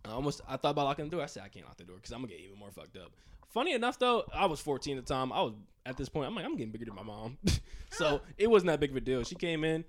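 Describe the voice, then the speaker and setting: A young man tells a casual story very fast in a mid-range voice, bringing scenes to life with sound effects and quoted voices. He's animated, slangy, and swears without restraint.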